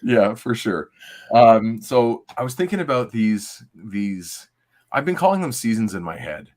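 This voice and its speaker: Deep-voiced man, laid-back comics chat. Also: sing-song, unhurried, darkish tone. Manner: rambling, laid-back, frequent fillers. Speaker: podcast co-host. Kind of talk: casual livestream chat.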